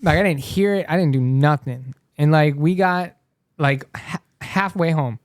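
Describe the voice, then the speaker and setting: A man's voice: on the high side, measured pace, dry recording, clean studio sound. A young man, a podcast co-host, telling a story in a loose, profane, rambling way. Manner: loose, swears constantly, trails off and restarts.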